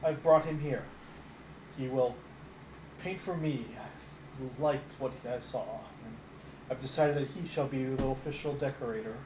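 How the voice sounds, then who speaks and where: Man playing a raspy, grimy middle-aged king of thugs, curt and menacing, tabletop game voice, echoey noisy room. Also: mid-range voice, steady tone, a little slow, pauses often, natural voice. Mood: imperious. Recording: echoey room with background noise.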